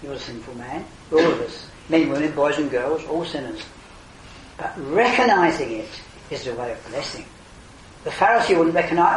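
An older man preaching an earnest evangelistic sermon, his voice swelling to emphatic calls and then falling quiet. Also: on the high side, expressive, normal speed. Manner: earnest, rising to emphatic exclamations then dropping soft. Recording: roomy hall, distant mic, faint ambience.

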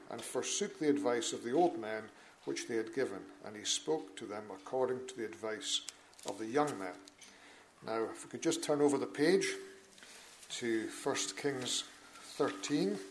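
A man reading scripture aloud at a church meeting, steady and measured, with brief asides to the listeners about where to turn in the Bible. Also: medium pitch, poor audio.

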